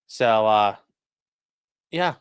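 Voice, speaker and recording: A man's voice: lowish voice, animated, drawn-out words, clean tone, no echo. A man commentating on news in a casual live stream, crude and mocking, reading chat messages aloud.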